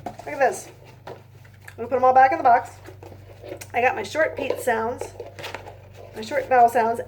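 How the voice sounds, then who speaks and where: A young woman teaching a phonics lesson to small children, reading aloud gently and speaking straight to her listeners. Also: fairly high pitch, moderate pace, long pauses, a little hiss or hum. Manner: gentle, talks directly to young listeners, sings snatches of nursery songs.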